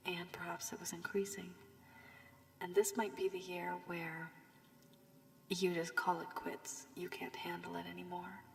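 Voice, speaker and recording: A woman giving a tarot reading with advice, her voice worn from illness, speaking softly and often half-whispering. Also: on the low side, level tone, unhurried, vocal fry. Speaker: tarot reader. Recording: long room reverb, faint background hiss.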